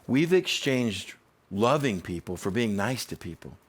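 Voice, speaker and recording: Lively male pastor preaching. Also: on the low side, a little slow. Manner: animated, conversational preaching with humor. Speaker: teaching pastor. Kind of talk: sermon. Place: church.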